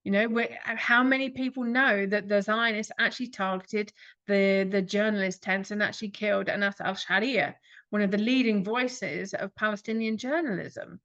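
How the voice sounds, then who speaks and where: A woman's voice: mid-range voice, normal speed, fairly bright tone. A woman giving an earnest reflective talk, pressing her listeners with rhetorical questions. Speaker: speaker. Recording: dull lo-fi recording.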